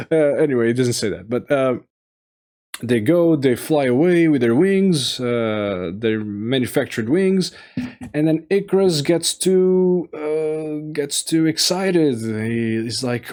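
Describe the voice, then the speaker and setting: Brief: unhurried male reviewer, mid-range voice, stumbling and restarting as he thinks aloud. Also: mid-range voice, darkish tone. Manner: halting and rambling, many fillers and restarts. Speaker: video game reviewer. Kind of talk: casual solo commentary.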